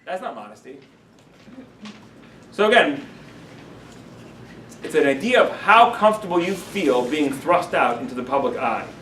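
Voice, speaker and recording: In an unhurried lecture with frequent pauses, a rabbi with a high-pitched voice livens up the class by acting out examples. He is somewhat distant from the mic, and noticeable echo and faint background noise color the sound.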